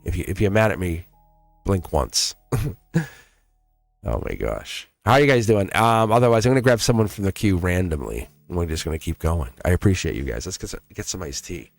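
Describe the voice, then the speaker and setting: Low-pitched man, live tarot reading, earnest and repetitive, laughs a lot, faint music behind. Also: expressive, brisk, vocal fry, dry recording, studio quality. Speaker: tarot reader.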